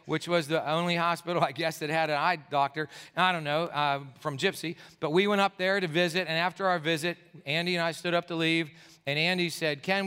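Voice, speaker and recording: Tired pastor, bright voice, church echo. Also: male voice, fairly high pitch, smooth. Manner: animated, acts out the people in his story. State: tired from a sleepless night. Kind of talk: sermon storytelling. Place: church sanctuary. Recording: echoey church hall.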